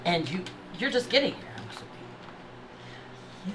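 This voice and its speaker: A woman playing a tabletop game, playful and quick to laugh. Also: medium pitch, lively intonation, recorded from a distance. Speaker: player. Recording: background noise.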